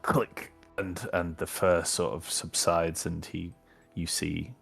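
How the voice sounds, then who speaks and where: Deep, gravelly man narrating his moves. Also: little pitch movement, a bit bright, faint music behind. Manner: measured, descriptive, with hesitations. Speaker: player. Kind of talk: describing his character's actions in a tabletop game.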